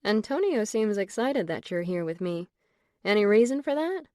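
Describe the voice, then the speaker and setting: A woman voicing a young woman on a date, speaking softly and sweetly with a coy manner. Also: medium pitch, sing-song, moderate pace, no room sound, studio quality, close to an everyday voice. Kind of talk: audiobook character voice.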